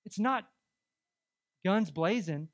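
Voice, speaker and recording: Speaking at a slow pace in a high-pitched voice, a male pastor gives a lively, conversational sermon. He fills it with rhetorical questions to his congregation.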